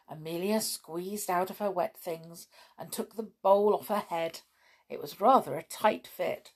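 A middle-aged woman reading a children's story aloud and chatting cosily with young listeners in a lively, friendly way. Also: on the low side, measured pace.

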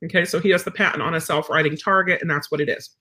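A woman dog trainer chatting casually to viewers, rambling and filling pauses with um and you know. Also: low voice, steady tone, sharp tone. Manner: rambling, chatty, many fillers.

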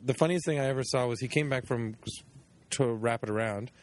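A man's voice: medium pitch, brisk, no echo. Joking, profane man in his thirties. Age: 30s. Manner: jokey, profane, laughs often. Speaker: podcast host. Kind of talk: casual comedy podcast chat.

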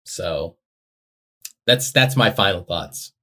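Excitable man co-hosting a podcast. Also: low voice, slow. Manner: excitable, laughs easily, swears casually. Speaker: podcast co-host. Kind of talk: casual chat.

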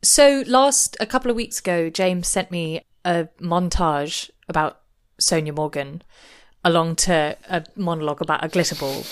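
A woman's voice: on the low side, moderate pace, clean tone. A woman co-hosting a podcast, chatting casually and thinking aloud, livening up when she acts out what other people said. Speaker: podcast co-host. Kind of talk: casual chat.

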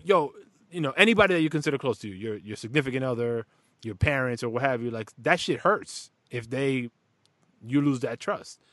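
A man's voice: mid-range voice, a little fast, no room sound. Profane, rambling man, dry sound. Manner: rambling, profane, animated storytelling. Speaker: podcast host and father. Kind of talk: casual chat.

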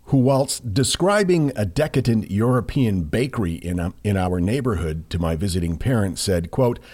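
A man's voice: fairly low pitch, normal speed. A man co-hosting a podcast, reading listener mail aloud in a playful way with frequent laughs. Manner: lively, playful, laughs often. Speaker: podcast co-host.

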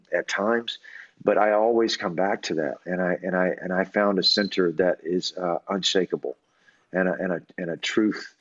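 A man telling a personal story as an interview guest, earnest and halting, with many restarts and fillers. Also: low voice, fairly bright tone, highs cut off.

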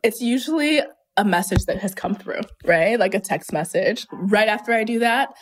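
A woman's voice: mid-range voice, expressive, moderate pace, a little hiss or hum. A woman from Phoenix, Arizona, speaking as a guest in a casual interview. She is candid, self-deprecating, and often breaks into laughter.

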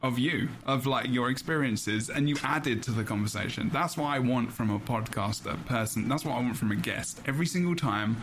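A man hosting a casual podcast, talking in a halting, rambling way with many restarts, heartfelt and emotional. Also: mid-range voice, a bit bright, slight background noise. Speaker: podcast host.

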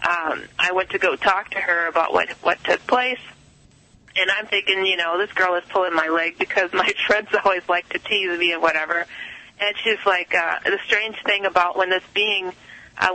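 A woman's voice: lowish voice, bright, forceful tone, low-quality recording. A woman guest telling a story in a casual interview, rambling with many fillers and quoted asides.

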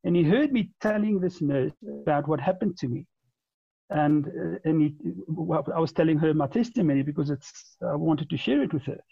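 A man in his forties tells a long story as a podcast guest, often stumbling over repeated words and restarting. His voice is gravelly and husky, pitched a little high, with a dark, mellow tone. The recording is dull and lo-fi. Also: lively intonation, moderate pace, dry recording. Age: 40s. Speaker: interview guest. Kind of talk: conversational storytelling.

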